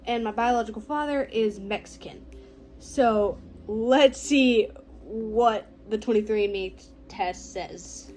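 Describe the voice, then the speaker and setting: A teenage girl talking casually to the camera, slow and reflective, her phrases often trailing off softly. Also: on the high side, faint music behind, rough recording. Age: teens. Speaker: vlogger. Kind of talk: casual personal talk to camera.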